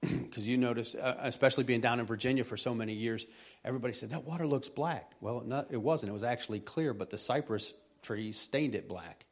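Rambling middle-aged man preaching. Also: mid-range voice. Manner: rambling, repeats words, folksy. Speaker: lay preacher. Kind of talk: conversational sermon.

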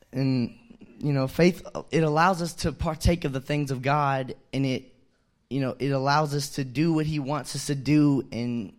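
A young man delivers a loose, conversational sermon. He strings thoughts together with fillers and restarts, then pushes louder when he lands a point. His voice sits at an ordinary middle pitch. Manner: loose and chatty, many fillers, swells louder on key points. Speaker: young preacher. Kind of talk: casual sermon.

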